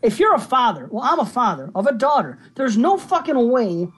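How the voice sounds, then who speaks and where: A man's voice: very high-pitched, big pitch swings, normal speed, slightly rough. A man co-hosting a casual movie review podcast, swearing a lot and ranting with animation. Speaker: podcast co-host.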